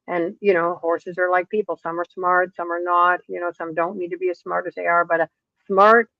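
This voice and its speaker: Middle-aged woman horse trainer, lively storyteller, muffled dry recording. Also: fairly low pitch, normal speed, gravelly, dry recording. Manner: lively storyteller acting out quoted dialogue. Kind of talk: interview storytelling. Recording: dull, dry lo-fi sound.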